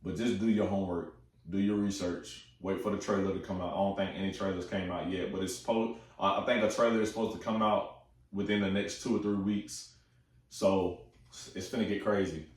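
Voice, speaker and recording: A young man casually talking about upcoming films, excitable and slangy, swearing freely. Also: low voice, a little fast. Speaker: movie talk host. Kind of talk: casual movie chat. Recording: echoey room, far from the mic.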